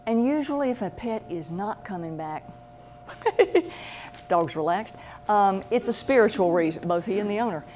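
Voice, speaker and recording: Woman, animal medium, casual anecdotal talk, lively and chatty, mid-range voice. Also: mid-range voice, normal speed, pauses often, a little hiss or hum. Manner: chatty, animated, acts out voices in her stories.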